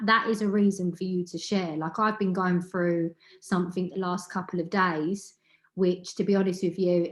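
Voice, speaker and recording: A woman hosting an online women's community call, sharing openly and encouraging the listeners in quick bursts with laughs between phrases. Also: lowish voice, a little mellow, echoey room. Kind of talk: heartfelt open sharing. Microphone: video call.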